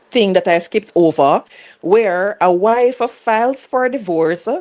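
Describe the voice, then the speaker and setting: Woman, Caribbean English accent, live show host, casual, chatty, lowish voice. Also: a little mellow. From Caribbean island. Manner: chatty, laughing, questions to viewers. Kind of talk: casual live reaction chat.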